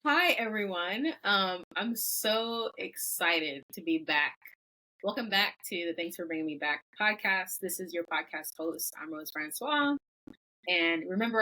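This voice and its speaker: A woman's voice: on the low side, sharp tone, rough recording. A woman hosting a podcast, bubbly and enthusiastic in casual chat. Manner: bubbly, enthusiastic, uses fillers. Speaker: podcast host.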